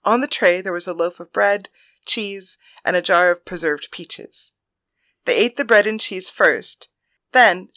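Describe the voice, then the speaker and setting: A woman reads a story aloud and takes on her characters' voices in turn. Her tone is bright and clear, and she paces the narration evenly. The recording is close and dry with no room sound. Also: medium pitch, no room sound.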